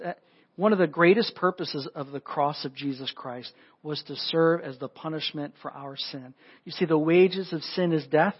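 A man preaching a sermon in an animated way, acting out the voices in the scripture with big jumps in pitch. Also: breathy edge, lo-fi sound. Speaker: pastor.

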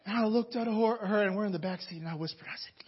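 A young man from Atlanta preaching a sermon, telling a story with animated, dramatic energy and many restarts. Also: sits high, fast, husky. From Atlanta, USA. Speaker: pastor. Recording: dull lo-fi recording.

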